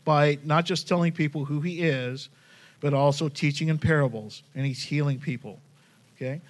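A man giving a casual, conversational sermon, reading Bible passages aloud and commenting on them with lively asides. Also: fairly high pitch, normal speed. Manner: conversational, animated, says "man" often. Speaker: preacher.

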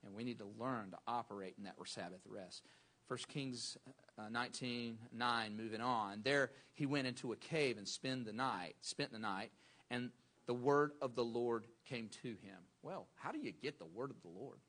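A man's voice: medium pitch, normal speed, a bit bright. A male pastor preaching a sermon, emphatic and repeating phrases for stress.

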